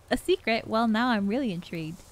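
A woman's voice: on the high side, sing-song, moderate pace. A woman reading aloud the lines of a friendly, chatty traveling male cat from a video game, with an upbeat manner.

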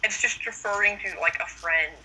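A friend chats about the game in a calm, matter-of-fact way. The voice comes through a voice call with a clear hiss of noise under it. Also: medium pitch, moderate pace. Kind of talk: casual chat over a call. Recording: noisy internet call audio.

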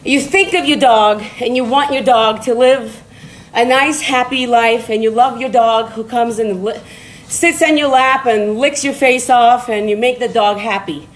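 A high-voiced woman on a TikTok live stream walks on a treadmill while giving casual motivational talk at a measured pace. She rambles and is blunt, laughing and swearing often, and the phone live-stream audio is poor.

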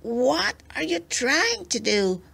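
A woman's voice: high-pitched, sing-song, creaky, very noisy, voice pushed up, heavily acted. A woman reading aloud, voicing a huge, sad, stranded sea monster in a children's storybook. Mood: plaintive. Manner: pleading, weary, drawn-out.

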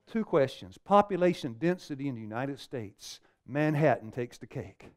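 Middle-aged guy preaching a seminar, clear resonant voice, keeps asking the room questions and getting amens. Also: mid-range voice, moderate pace, few pauses. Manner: animated, questions the audience and calls for amens. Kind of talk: seminar sermon. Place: meeting room with a live audience.

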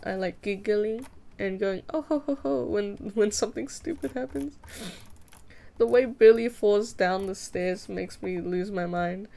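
A woman's voice: medium pitch, measured pace, vocal fry, warm tone. Giggly young woman streamer chatting casually. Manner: playful, giggly, self-mocking, mock-dramatic. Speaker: streamer drawing fan art. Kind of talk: casual live-stream chat while drawing.

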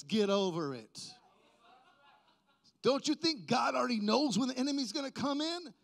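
A man preaching a sermon, swinging from quiet talk to loud, drawn-out proclaiming, with playful jokes to the congregation. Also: very high-pitched, lively intonation, vocal fry.

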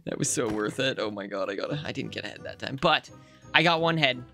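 Low-voiced playful woman gamer. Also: quick pace. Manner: playful, excitable, talks to herself and viewers. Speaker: gaming channel host. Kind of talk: casual gameplay commentary. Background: faint background music.

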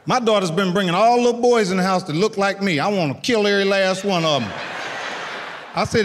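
High-voiced older man doing stand-up. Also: a little fast. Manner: animated storytelling, acts out voices with loud outbursts. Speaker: stand-up comedian. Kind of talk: stand-up comedy set. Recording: long hall reverb, faint noise.

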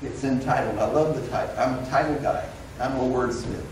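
Pastor preaching in a roomy sanctuary. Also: male voice, mid-range voice, fairly quick, slight background noise. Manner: conversational, animated storytelling with quoted dialogue. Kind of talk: sermon. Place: church sanctuary. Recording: roomy echo, recorded from a distance.

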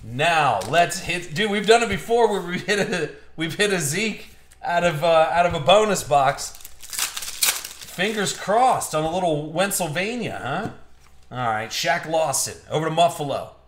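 Upbeat guy opening card boxes on a live stream, kinda high pitched, roomy echo. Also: animated, unhurried, fairly bright tone, a little hiss or hum. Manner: chatty, upbeat, jokey with viewers. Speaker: card break host. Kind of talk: live-streamed box break commentary. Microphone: streaming mic.

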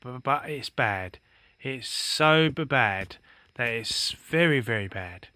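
A man voicing a small, frightened young male rabbit who stammers and speaks haltingly in a storybook reading. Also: mid-range voice, sharp tone. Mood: miserable.

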